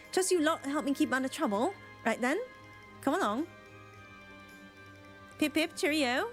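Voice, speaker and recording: A woman voicing a stern, blunt mother with a put-on rough British accent and a brusque, scolding manner. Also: high-pitched, animated, slow pace, pauses often, faint music behind, voice pushed up. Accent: rough British attempt.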